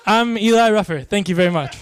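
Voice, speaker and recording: A man doing stand-up comedy, delivering deadpan one-liners in a dry, soft-spoken way. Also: high voice, fast.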